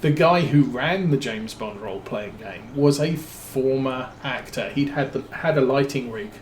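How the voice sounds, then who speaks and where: A male streamer tells a rambling, meandering story while playing a farming game, hesitating, using many fillers and restarting sentences as he trails off. His mid-range voice moves slowly and echoes in a roomy space over a faint hum.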